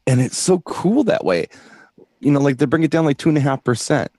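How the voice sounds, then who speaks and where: A man's voice: on the high side, lively intonation, fairly quick, a little mellow, no echo. A man co-hosting a DJ show in casual chat, explaining things at length with enthusiasm. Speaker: DJ co-host.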